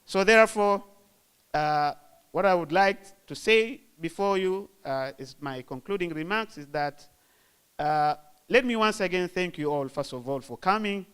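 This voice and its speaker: A man delivering a formal opening speech as an official, halting, with fillers and repeated phrases. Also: high voice, a bit bright, smooth. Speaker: government official giving opening remarks.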